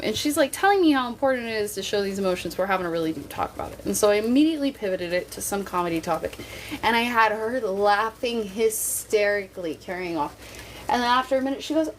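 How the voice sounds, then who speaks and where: A woman's slightly high voice comes across lively and quick, with a faint hiss or hum in the audio. She's a mother livestreaming, chatting openly and jokily with viewers and cursing occasionally.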